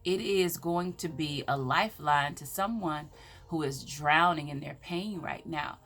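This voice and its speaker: A woman's voice: deep voice, a little slow, a bit bright, faint music behind. A woman with a Southern American accent, speaking as an empowerment speaker in a preacherly, emphatic way. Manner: preacherly, scripture-quoting, emphatic. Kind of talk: inspirational faith talk.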